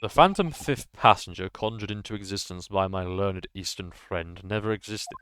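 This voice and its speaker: A man voicing a cold, haughty aristocratic male prosecutor in a game, speaking slowly and disdainfully in a low voice. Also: fairly bright tone, clean tone, no room sound, clean studio sound.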